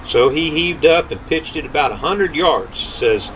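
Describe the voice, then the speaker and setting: An older grandfather reading a folk tale aloud in an unhurried, folksy way. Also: a little high, animated, fairly bright tone, a little hiss or hum, poor audio. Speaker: storyteller.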